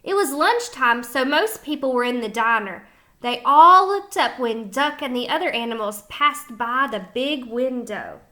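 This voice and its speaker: A woman's voice: sits high, lively intonation, unhurried, pushed and bright. A woman teacher reading a picture book aloud to children, stopping to explain words and ask them questions. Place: home kitchen.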